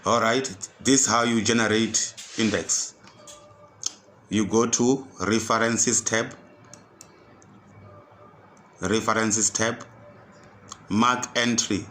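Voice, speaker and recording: A man tutoring computer skills, walking through a software task step by step and repeating each instruction. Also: fairly low pitch, steady tone, takes it slowly, pauses often, a little hiss or hum. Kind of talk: screen-recorded software tutorial.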